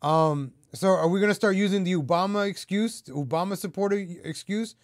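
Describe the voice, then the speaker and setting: A man's voice: high voice, fairly quick, no room sound, studio quality. A man hosting his own political commentary vlog, talking straight to his viewers in a heated, repetitive rant. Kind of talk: ranting opinion vlog.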